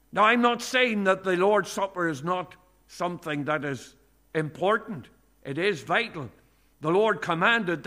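A man's voice: sits high, sharp tone. A middle-aged man preaching a sermon, earnest, with frequent hesitations and rising emphasis on key points.

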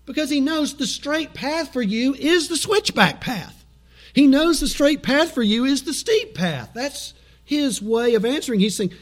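A man preaching a sermon as pastor, animated, acting out quoted voices and chuckling as he goes. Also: very high-pitched, measured pace.

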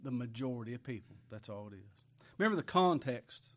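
A man preaching a sermon. He reads scripture slowly and with weight, swings between loud emphasis and quiet asides, and chuckles often. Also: medium pitch, expressive.

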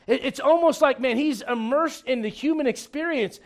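High-voiced animated preacher man. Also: normal speed. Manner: animated preaching with humor and rhetorical questions. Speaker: pastor. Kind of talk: sermon.

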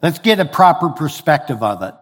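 An older man delivers a sermon with a voice that sits a little higher than most men's. He keeps it conversational and direct, and he slips into voices when he quotes complaining listeners. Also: sing-song, fairly quick. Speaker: pastor.

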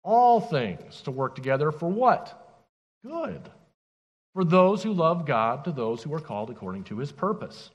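A man preaching a sermon as pastor, emphatic and animated, asking the congregation rhetorical questions. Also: sits high, normal speed, long reverb tail. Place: church.

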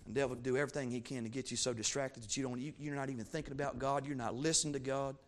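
A man preaching a sermon, fervent and repetitive, swinging from low asides to loud emphatic peaks. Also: fairly even intonation, racing. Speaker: pastor.

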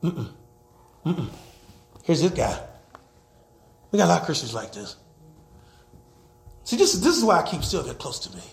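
A man preaching a sermon as pastor. He swings from loud to hushed and laughs as he preaches. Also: fairly high pitch, huge pitch swings, moderate pace, gravelly, long pauses, roomy sound. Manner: laughs while preaching, acts out quoted voices.

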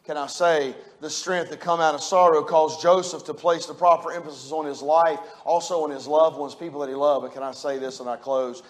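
High-voiced preacher, fervent. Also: male voice, steady tone, fairly quick, hardly any pauses. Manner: preaches with rising fervor, folksy and emphatic. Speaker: pastor. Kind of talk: sermon.

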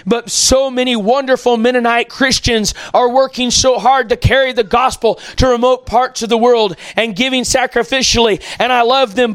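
High-pitched impassioned male preacher. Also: no room sound. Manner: impassioned, often shouting. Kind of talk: sermon.

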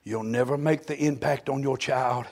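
A man preaching a fervent revival sermon in a church, moving between quiet storytelling and loud shouted exclamations. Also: mid-range voice, steady tone, moderate pace. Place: church sanctuary.

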